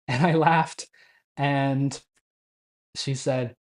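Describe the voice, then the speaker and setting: Mellow, unhurried young man telling a story. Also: medium pitch. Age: 20s. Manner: chatty, laughs often while telling; acts out quoted Japanese phrases. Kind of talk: casual spoken travel story.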